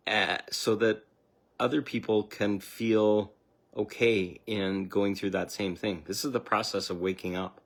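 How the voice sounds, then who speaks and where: A man speaking as a spiritual coach on a livestream. He talks earnestly and off the cuff, trails off into asides, and acts out quoted inner voices with sudden jumps in pitch. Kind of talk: livestream talk.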